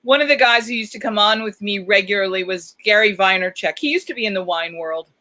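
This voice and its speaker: A woman's voice: mid-range voice, brisk, pushed and bright, poor audio. A woman hosting a live talk show, chatting in a theatrical, enthusiastic way. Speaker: show host.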